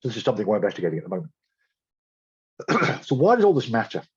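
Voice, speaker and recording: Husky, low-voiced male lecturer, blunt and sardonic, on a dull lo-fi recording. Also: huge pitch swings, quick pace. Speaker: guest speaker. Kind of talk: public science talk.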